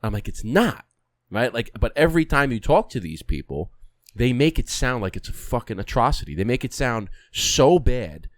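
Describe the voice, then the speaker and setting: A man's voice: mid-range voice, sing-song, moderate pace, no echo, clean studio sound. A young man co-hosting a podcast, ranting bluntly with swearing in casual chat. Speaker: podcast co-host.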